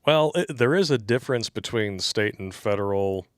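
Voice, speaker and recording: A man's voice: lowish voice, expressive, moderate pace, clean tone, dry recording, clean studio sound. A man co-hosting a casual livestream, reading donations aloud and joking bluntly with crude humor.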